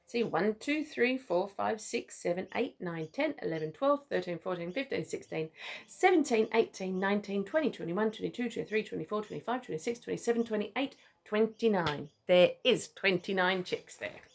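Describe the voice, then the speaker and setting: A woman's voice: mid-range voice, animated, moderate pace, creaky. A mother reading a picture book aloud to her child, playful, with chatty asides.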